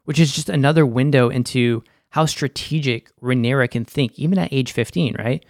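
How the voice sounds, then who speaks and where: A man's voice: medium pitch, normal speed, creaky, no room sound, studio quality. A young man with a Boston accent hosting a casual, slangy and opinionated episode recap. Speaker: show recap host.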